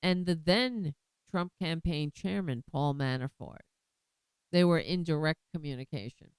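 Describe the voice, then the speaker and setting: A woman's voice: low voice, expressive, measured pace, smooth, dry recording, low-quality recording. A woman hosting her own political commentary show, talking bluntly and with indignation, often restarting her sentences.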